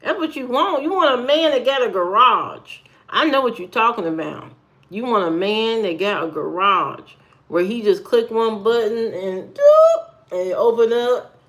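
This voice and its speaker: A woman's voice: medium pitch, a bit bright. Female livestreamer, casual and playful, sassy running banter with the audience.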